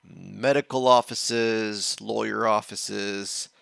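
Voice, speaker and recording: A man's voice: on the low side, steady tone, slow, vocal fry, fairly bright tone, smooth, dry recording. A man hosting a reaction show, telling a long story in a casual, rambling way and restarting his phrases as he explains. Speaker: watch-along reaction host.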